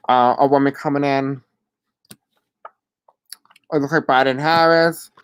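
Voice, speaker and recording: A host with a deaf accent gives live readings and answers chat questions in a halting, apologetic way with many fillers. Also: medium pitch, clear, resonant tone, dry recording.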